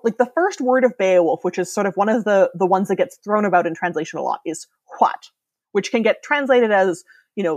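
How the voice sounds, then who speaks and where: A woman's voice: medium pitch, darkish tone, no echo. A woman in her thirties, a podcast guest, explaining ideas eagerly in casual chat and laughing often.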